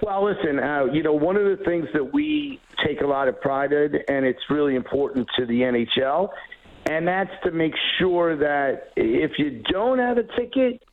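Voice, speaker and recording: A man with a slightly high voice talks up a coming event in an upbeat, rambling way, full of fillers and restarts. His voice comes through a thin, tinny phone line. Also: lively intonation, moderate pace. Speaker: guest executive. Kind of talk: phone interview.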